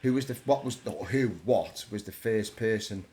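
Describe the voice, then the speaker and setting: A man's voice: on the low side, moderate pace, mellow. A man from England, a tattoo artist, chatting casually in a jokey, easygoing way. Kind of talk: casual chat.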